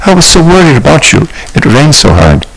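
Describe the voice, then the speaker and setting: A man reading an audiobook, voicing a warm, dramatic adult man friend, earnest and theatrical. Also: on the high side, big pitch swings, brisk, creaky, slightly rough, voice pushed up, exaggerated voice, low-quality recording. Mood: reproachful. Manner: earnest, theatrical, sprinkles Spanish phrases. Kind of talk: audiobook character voice.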